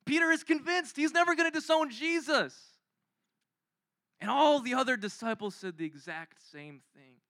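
A man preaching a conversational, animated sermon full of rhetorical questions. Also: high voice, no echo.

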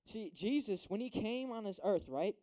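A young man preaches to a room of teens in an easy, slangy way, keeping up a steady stream of "right?" and "dude." His voice sits high but sounds mellow and warm. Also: normal speed. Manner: slangy, chatty, asks "right?" often. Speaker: youth preacher. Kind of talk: casual youth sermon.

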